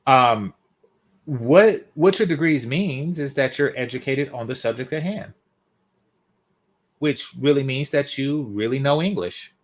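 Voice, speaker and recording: A man's voice: medium pitch, animated, a little slow. A man hosting a commentary video, mocking and sarcastic, swearing freely as he reacts. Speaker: commentary channel host.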